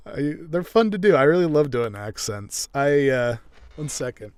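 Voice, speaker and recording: A man chatting casually on a live stream. He rambles, breaks off with fillers, and talks in an easy, unhurried way. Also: on the high side, lively intonation, smooth, no echo. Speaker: streamer editing an audiobook.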